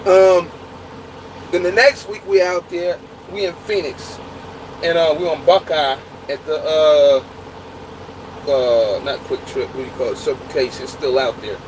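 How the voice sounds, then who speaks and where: A truck driver telling a story in casual, profane, laughing talk. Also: male voice, fairly high pitch, a little slow, background noise. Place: inside a truck.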